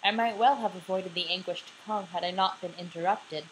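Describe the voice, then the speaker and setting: A woman's voice: fairly low pitch, brisk, a little hiss or hum, low-quality recording. Sleepy young woman reading an audiobook at home. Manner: sleepy, casual and apologetic between passages. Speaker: audiobook reader. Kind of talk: homemade audiobook reading with chatty asides. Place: bedroom at home, late at night. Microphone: laptop microphone.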